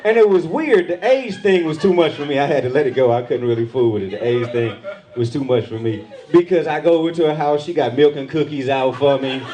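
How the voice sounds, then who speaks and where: A middle-aged man doing stand-up comedy on a club stage with a handheld mic, jumping into loud, high voices when he acts out other people. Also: fairly quick, noisy background. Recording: live club with loud crowd laughter.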